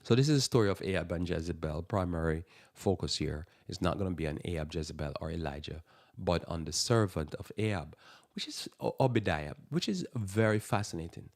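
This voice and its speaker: A man's voice: sits low, lively intonation, a little fast, dry recording, studio quality. A man hosting a live Christian morning radio talk show, rambling and restarting his sentences as he speaks. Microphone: radio studio mic.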